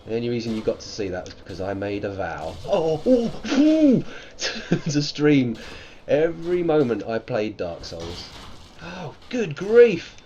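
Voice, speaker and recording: A man's voice: mid-range voice, wildly swooping pitch, unhurried, mellow, highs cut off, slight background noise. A British man giving live gameplay commentary, playful and silly, tossing out made-up words. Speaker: streamer.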